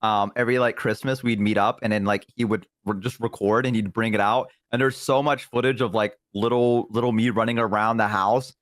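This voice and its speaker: A young man with a Southern US accent chatting casually on a stream, rambling through childhood stories and jumping into high voices to quote people. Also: steady tone, brisk, few pauses, no room sound. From American South. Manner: rambling, jumps into high voices when quoting. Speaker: stream co-host. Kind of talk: casual chat, storytelling.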